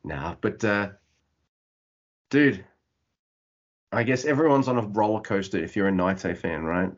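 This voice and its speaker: A man co-hosting a wrestling podcast, recapping a match in excited, profane casual chat. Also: on the low side, measured pace, dull audio. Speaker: podcast co-host.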